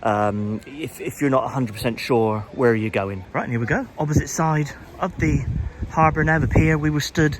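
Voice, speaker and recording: A man's voice: mid-range voice, fairly even intonation, moderate pace, few pauses, background noise. A man hosting a casual walking vlog, rambling chattily with repeated words and restarts, filmed outdoors in a busy village at night on a handheld camera. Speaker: vlogger, host.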